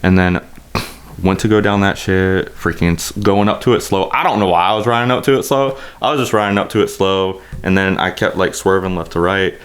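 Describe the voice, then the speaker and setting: A man co-hosting a casual podcast, telling an animated, profanity-heavy story in a rambling way. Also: sits low, clean tone. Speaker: podcast co-host.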